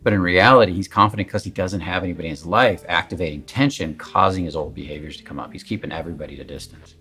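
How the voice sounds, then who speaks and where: A man's voice: deep voice, very fast, pushed and bright. A man giving a candid, emphatic coaching talk in a casual, conversational way, swearing at times. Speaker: confidence coach.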